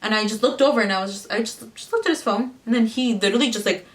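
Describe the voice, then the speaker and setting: A woman's voice: a little high, very fast, distant mic. Chatty young woman telling a story. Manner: chatty, swearing, mimics others in quotes. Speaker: vlogger. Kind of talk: casual storytime chat.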